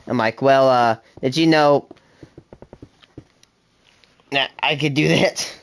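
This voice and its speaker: A seventeen-year-old livestreamer talking fast and rambling to themselves during casual gameplay chatter. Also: mid-range voice. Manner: fast, rambling self-talk with laughs. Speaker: gaming livestreamer.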